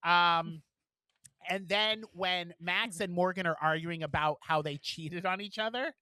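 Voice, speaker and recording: A man's voice: high-pitched, unhurried, sharp tone, clean tone, no echo. A man co-hosting a casual podcast, chatting loosely and swearing freely as he recaps a show. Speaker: podcast co-host. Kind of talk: casual chat.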